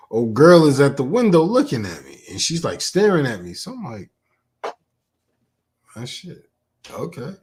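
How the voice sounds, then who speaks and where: A man co-hosting a casual podcast, telling a story in a laid-back, often quiet way. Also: medium pitch, husky. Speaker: podcast co-host.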